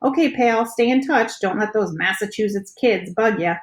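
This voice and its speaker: A woman's voice: medium pitch, normal speed, pitched above the performer's own voice, lightly acted. A woman voicing a playful boy friend calling on the phone, goofy and joking. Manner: goofy, croaky put-on voice at times.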